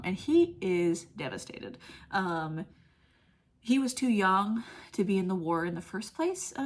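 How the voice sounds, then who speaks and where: A woman gushing through a casual film review, saying "like" often and dropping into soft whispers. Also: on the low side, husky. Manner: gushing, heavy use of "like", drops to soft whispers when moved; laughs often mid-sentence. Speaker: movie reviewer.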